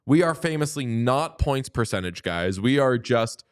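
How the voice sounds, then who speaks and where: A man's voice: mid-range voice, animated, moderate pace, smooth. Playful man hosting a sports podcast. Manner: playful, teasing, jumps into sing-song bits. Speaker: podcast host. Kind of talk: casual chat.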